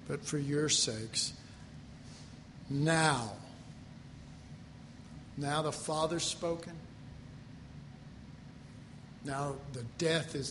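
A man preaching a folksy sermon, moving between loud declarations and hushed, quiet passages. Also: on the high side, in a large hall, slight background noise. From Texas. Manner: folksy, self-deprecating, swings from loud to hushed.

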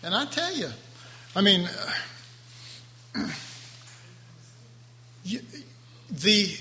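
A man's voice: high voice, sharp tone, long reverb tail. A man preaching a Bible class in a folksy, conversational way, with chuckling asides. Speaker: Bible teacher. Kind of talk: sermon.

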